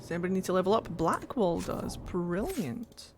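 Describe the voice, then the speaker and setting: A woman's voice: on the low side, expressive, normal speed, darkish tone, a little hiss or hum. Chatty woman streamer greeting viewers. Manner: chatty, greets viewers and reads game text aloud. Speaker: game streamer. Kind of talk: casual live-stream chat.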